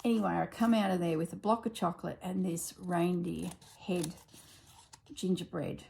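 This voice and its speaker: A woman's voice: lowish voice, fairly even intonation, moderate pace, gravelly, warm tone, slight background noise. A woman, chatting and telling stories while she works on a craft project at home. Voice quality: chatty storyteller. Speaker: craft vlogger. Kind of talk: casual chat while crafting.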